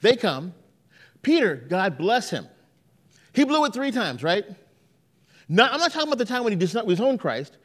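Guy preaching in church, kinda high voice, tells stories and acts out the voices. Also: normal speed, pauses often. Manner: animated storytelling with acted-out quotes. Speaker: pastor. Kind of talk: sermon.

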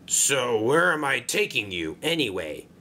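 A man's voice: mid-range voice, big pitch swings, measured pace, sharp tone, full character voice. A man voicing a grumpy, put-upon male barge who talks impatiently and stammers when he is in trouble. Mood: irritated.

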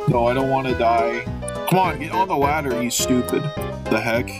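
A young man giving goofy, excitable commentary while playing a video game, joking and trash-talking the enemies. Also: medium pitch, normal speed, loud music behind the voice. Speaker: gamer. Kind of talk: let's play commentary.

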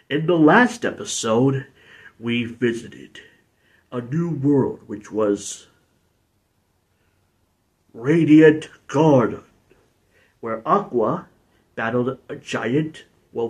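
A man hosting a video game playthrough in a rambling, giggly, self-deprecating way. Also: medium pitch. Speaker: let's play host. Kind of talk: casual gameplay commentary.

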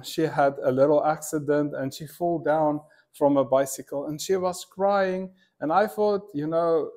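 A man's voice: medium pitch, warm tone. A male pastor giving a sermon in a casual, storytelling way, with many fillers and asides. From from abroad, not from Korea.

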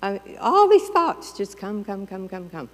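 A woman's voice: mid-range voice, big pitch swings, measured pace, big-room sound. A woman pastor giving a sermon in a conversational, playful way, acting out the voices of everyday thoughts. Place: church sanctuary.

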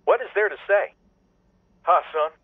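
An actor playing a resentful adult son who speaks in clipped, accusing lines over the phone. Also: male voice, high-pitched, moderate pace, no echo. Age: adult son with kids. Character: bitter grown son, cold and accusing. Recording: dry tinny phone line.

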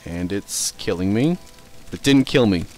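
A young man casually commentating his own gameplay, rambling, swearing and reacting loudly to what happens in the game. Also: lowish voice, expressive, measured pace, slight background noise. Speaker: let's play host.

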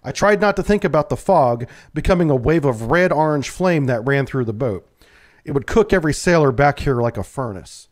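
A man, a navy submarine veteran, telling a first-person true story in a calm, measured way. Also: medium pitch.

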